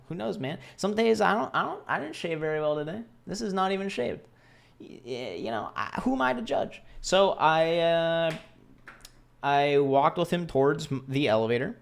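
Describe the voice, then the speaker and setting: A man's voice: fairly high pitch, big pitch swings, moderate pace, vocal fry. A young man casually telling a story to camera in a rambling, self-deprecating way, acting out the voices of the people he quotes. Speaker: vlogger.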